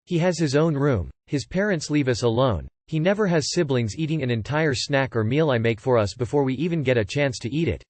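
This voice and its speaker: A man narrating online forum posts aloud in a steady, scripted reading style. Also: mid-range voice, a little fast, few pauses, no echo.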